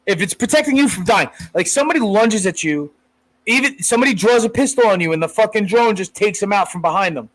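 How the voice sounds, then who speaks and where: High-pitched joking male podcast co-host. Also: lively intonation, fast, fairly bright tone, poor audio. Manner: joking, crude, laughs often. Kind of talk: casual chat.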